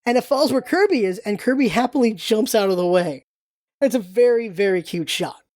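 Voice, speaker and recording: Female podcast host, casual animated episode recap, higher voice with a warm mellow tone. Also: brisk, no echo, studio quality. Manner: animated, quotes characters in a light put-on voice.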